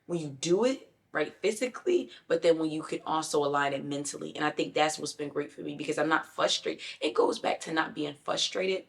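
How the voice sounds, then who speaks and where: A woman's voice: sits low, fairly quick, creaky, hardly any pauses. A young adult woman talking candidly and emphatically to her viewers in a casual self-help vlog. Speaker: lifestyle vlogger.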